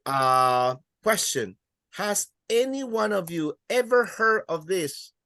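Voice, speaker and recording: Slow-talking guy teaching a class, says words over and over, dry sound. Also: high-pitched, expressive, bright, forceful tone, no echo. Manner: patient, repeats words slowly for students. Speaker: Spanish teacher.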